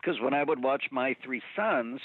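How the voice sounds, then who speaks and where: Male voice actor guest, expressive and laughing, heard over a thin phone line. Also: mid-range voice, slightly rough, no echo. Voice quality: animated, quick to laugh, voice actor. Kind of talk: relaxed interview storytelling. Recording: tinny phone line, dry.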